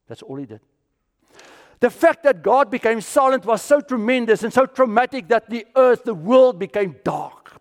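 A man from South Africa preaching a sermon as pastor, swinging from full voice down to hushed, almost whispered lines. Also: on the high side. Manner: dramatic swings from loud to near-whisper. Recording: long hall reverb.

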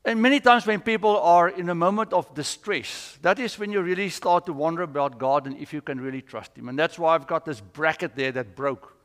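A pastor with a somewhat high, slightly bright voice delivers a sermon briskly in a church sanctuary, where the recording carries a long reverb. Earnest in manner, he teaches through storytelling.

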